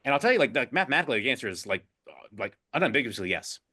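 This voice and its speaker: Brief: male finance guest, quick, bright and forceful tone, stumbles and restarts often. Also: medium pitch, sing-song, husky. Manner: halting, many restarts and fillers. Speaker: guest, chief investment officer. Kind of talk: casual interview talk.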